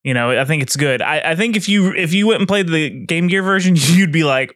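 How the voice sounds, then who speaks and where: A man co-hosting a casual game review podcast, talking in an animated, rambling way. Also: a little high, brisk, hardly any pauses, no echo, clean studio sound. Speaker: podcast co-host.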